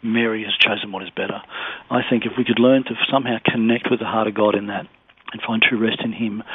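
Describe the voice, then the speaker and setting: Male guest on a tinny phone line, husky, earnest and gentle, stumbling over repeated words. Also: on the low side. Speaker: ministry director, radio guest. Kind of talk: radio interview on faith.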